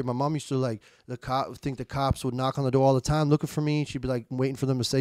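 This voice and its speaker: On a podcast, a young adult man candidly relates his recovery in conversation, emphatic and slangy with swearing street talk, repeating words and quoting himself. He's a fast talker with hardly any pauses, a steady medium-pitched voice that is a little mellow, and the recording is dry.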